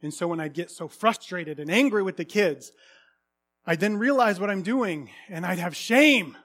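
A man in his thirties preaching a sermon, earnest, swinging from hushed confession to loud exclamations. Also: high voice, animated, normal speed.

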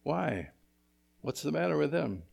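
A man preaching an expository sermon as pastor, asking his congregation rhetorical questions and moving between emphatic and hushed delivery. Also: fairly high pitch, sing-song, unhurried, vocal fry.

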